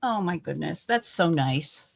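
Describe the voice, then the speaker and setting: A woman's voice: lowish voice, expressive, unhurried, creaky, no room sound. A woman co-hosting a casual crafting livestream, chatting and reading out viewer comments. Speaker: crafting co-host.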